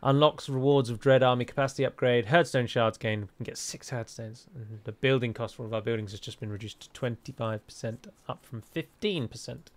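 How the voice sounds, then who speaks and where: An English-accented man offers casual let's-play commentary on a strategy game, chatty and wry with rambling asides. His mid-range voice is fairly quick and fairly bright.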